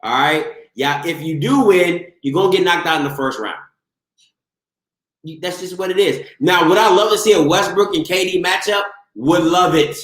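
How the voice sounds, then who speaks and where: Host, male, high lively voice ranting on a live stream from an echoey room. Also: moderate pace. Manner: animated, talks over himself, mocks viewers. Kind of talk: live-stream sports rant.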